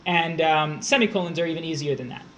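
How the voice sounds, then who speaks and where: A man's voice: on the high side, quick pace, bright, forceful tone, a little hiss or hum. A man tutoring test prep on a live stream, explaining grammar step by step while answering his chat.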